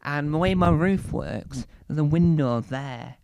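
A British man doing stand-up, telling a rambling story and acting out scenes with sudden loud, high squeals. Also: measured pace, vocal fry, clear, resonant tone, no echo. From Britain. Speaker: stand-up comedian.

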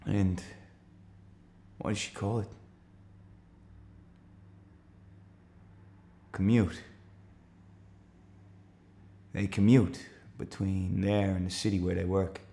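A man's voice: low voice, flat delivery, a little slow, vocal fry. A man playing an anxious, defensive countryman. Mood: uneasy. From Australia. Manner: earnest, rising to urgent shouts when retelling the chase. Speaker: actor performing a stage monologue. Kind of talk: theatrical monologue.

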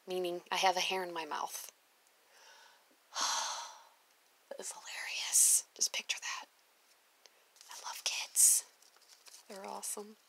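A woman who used to teach preschool, reading her old notes aloud in a casual chat, gushing and dropping into soft whispered asides. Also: medium pitch, vocal fry, slight background noise, poor audio.

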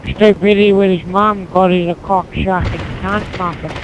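A high-pitched man trash-talks and hurls taunts into a game headset. His lines come as short, insulting jabs. Gunfire from the game rings out loud behind him. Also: fairly even intonation, moderate pace, lo-fi sound. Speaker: online game player. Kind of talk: crude voice chat trash talk. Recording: noisy online game chat with gunfire.

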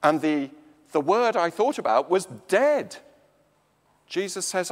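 An English man preaching a slow, emphatic sermon in a church. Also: sing-song, in a large hall. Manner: slow, emphatic preaching with dramatic swings of pitch and volume.

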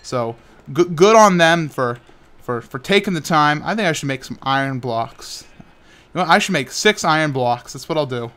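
Young male gaming host, clear smooth voice, stammers and restarts often, sounds tired, tosses in silly sound effects. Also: on the high side, expressive, moderate pace, fairly bright tone. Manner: rambling, frequent stammered restarts. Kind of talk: casual talk while playing Minecraft.

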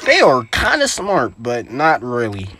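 A man casually commentating his own game, excitable and trash-talking, jumping from high yelps to muttered grumbles. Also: a little slow, slight background noise. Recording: game gunfire and sounds behind voice.

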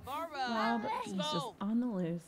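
High, lively woman playing a game. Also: measured pace. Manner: exclaiming, laughing, talking to herself. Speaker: gaming video host. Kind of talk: casual let's-play commentary. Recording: background noise.

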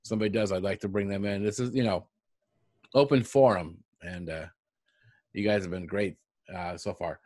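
A male radio host, interviewing a guest in a halting, enthusiastic way. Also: on the low side, fairly even intonation, darkish tone, no room sound. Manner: enthusiastic, halting, lots of fillers. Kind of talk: casual interview.

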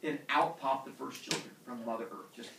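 A man teaching a class, retelling a myth in a jokey, animated way and acting out the characters. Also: mid-range voice, fairly quick, gravelly, noisy background. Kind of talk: classroom storytelling. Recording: echoey classroom from far off.

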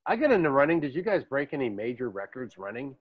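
A man's voice: mid-range voice, sing-song, fast talker, no room sound. A man hosting a podcast in casual chat, rambling through stories and laughing often. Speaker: podcast host. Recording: dull dry lo-fi recording.

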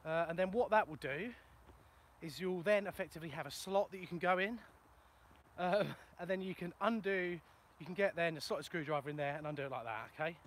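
Tradesman host, raised pitch, self-mocking, casual live-stream chat in the open countryside. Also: fairly quick, a little hiss or hum. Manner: chatty, self-mocking, answers viewer questions. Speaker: plumber and video host. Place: outdoors in a ploughed field in the countryside. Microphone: phone for a live video.

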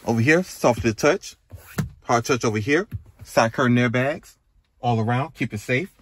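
A man's voice: mid-range voice, normal speed, slightly rough. A man reviewing a pickup truck at a dealership, calling out its features in short, casual phrases. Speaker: car reviewer. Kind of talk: casual car walkaround commentary. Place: car dealership lot and inside a truck.

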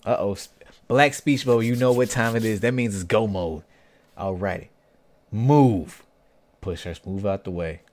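A young man with a lowish voice, speaking at normal speed, hosts a casual reaction video. He's animated and jokey, reading a webcomic's lines aloud and riffing on each scene.

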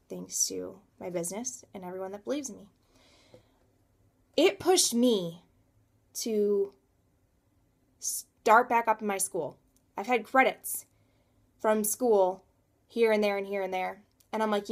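A woman in her thirties talking through a personal motivational vlog, emphatic and repeating words for stress. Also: mid-range voice. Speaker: coach and realtor.

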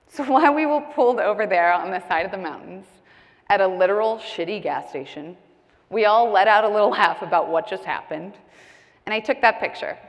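Young woman, candid comic speaker, mid-pitched voice ringing in a big reverberant hall. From United States. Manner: animated, candid, jokey. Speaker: keynote speaker. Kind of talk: comedic personal storytelling speech. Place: large conference hall stage.

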